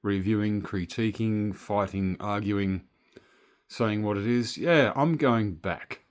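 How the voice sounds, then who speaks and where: A man's voice: lowish voice, takes it slowly, clean tone. A man with an Australian accent, chatting casually and rambling through a story as a toy collector vlogger. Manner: chatty, meandering, swears casually.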